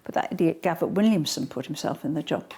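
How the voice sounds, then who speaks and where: A woman's voice: low voice, expressive, fast talker, darkish tone, husky. Blunt, forthright older woman. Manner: forthright, blunt, straight-talking. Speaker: guest. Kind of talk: political interview. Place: at home.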